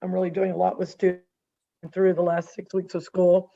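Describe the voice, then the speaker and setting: A man's voice: sits high, monotone, fairly quick, vocal fry, highs cut off. A man giving a hesitant, apologetic finance report in a meeting.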